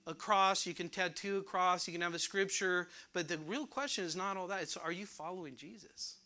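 Bright-voiced male preacher. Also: sits high. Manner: preaching with rhetorical questions and emphatic repetition. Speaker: pastor. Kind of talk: sermon.

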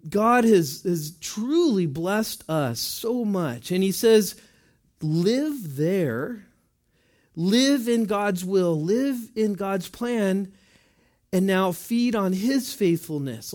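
This sermon comes from a man with a high, expressive and slightly mellow voice who keeps things chatty. He tosses questions to the congregation and fires back his own answers in quick asides, like a pastor among his flock.

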